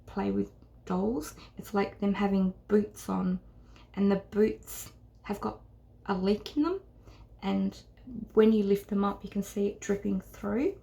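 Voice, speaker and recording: Earnest, gravelly-voiced woman tarot reader. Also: medium pitch, mellow. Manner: earnest, halting, often dropping to a whisper. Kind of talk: intuitive tarot reading to camera.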